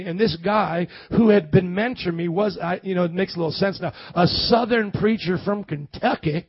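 A man from the American Midwest preaching a sermon as pastor, animated and calling on the congregation to answer back. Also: high voice, normal speed, hardly any pauses, slightly rough, no room sound, highs cut off. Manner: animated, calls for congregation responses.

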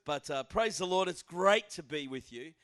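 A man's voice: a little high, animated, normal speed, a bit bright, clear, resonant tone. An Australian man in his fifties, a guest pastor giving an informal, chatty sermon in a church with frequent fillers.

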